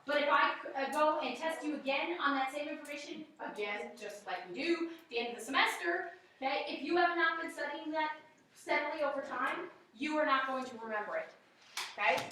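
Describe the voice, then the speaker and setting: A woman's voice: high-pitched, lively intonation, fairly quick, sharp tone, distant mic, a little hiss or hum. A woman teacher giving a classroom lecture, chatty and checking in with her students with frequent okays. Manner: conversational, frequent "okay?" check-ins. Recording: very echoey classroom.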